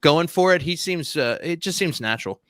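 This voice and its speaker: A man from Texas as a guest on a casual podcast chat, easygoing and lively. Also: fairly high pitch, moderate pace, dry recording, studio quality.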